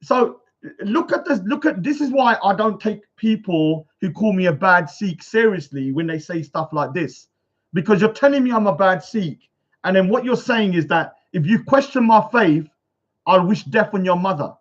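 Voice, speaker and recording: A man's voice: high-pitched, expressive, moderate pace, muffled recording. A man ranting on a livestream, reading out comments and rebutting them with indignation. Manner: indignant, reads comments aloud then rebuts. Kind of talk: casual livestream rant.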